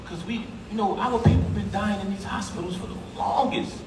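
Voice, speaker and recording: At a funeral service hall, a man delivers a heartfelt eulogy, speaking directly to the crowd in an emphatic yet conversational way. His voice sits high with fairly even intonation and a fairly quick pace. The recording is echoey and distant, with background noise.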